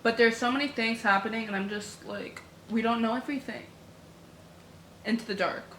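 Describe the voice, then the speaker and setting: A young woman vlogging her reading, emotional and exclaiming, swinging from hushed to loud reactions. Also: fairly high pitch, moderate pace. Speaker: book vlogger. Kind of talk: reading vlog chatter. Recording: roomy echo, faint room noise.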